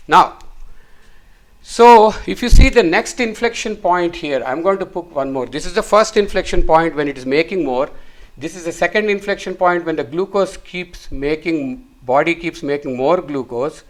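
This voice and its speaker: A middle-aged male physician gives a whiteboard lecture. His voice sits a little high, and he walks through the chart patiently while he draws it, repeating words to hammer a point home. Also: lively intonation, measured pace. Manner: explains step by step while drawing, repeats words for emphasis. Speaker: physician teaching.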